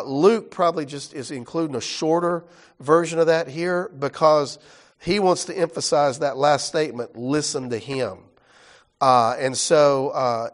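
A man teaching a Bible study class in a casual, explanatory way, often checking in with his listeners. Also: medium pitch.

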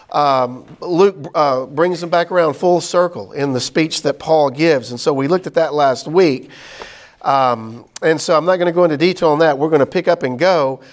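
A man teaching a Bible class in a casual way, reading passages and paraphrasing them in everyday slang. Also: fairly high pitch. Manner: conversational, many fillers and paraphrases in plain slang.

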